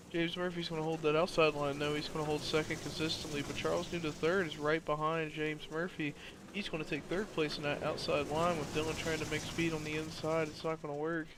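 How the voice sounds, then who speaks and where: A man's voice: a little high, background noise. A man giving casual play-by-play commentary on a sim race, tired and losing his voice, with apologetic asides between calls.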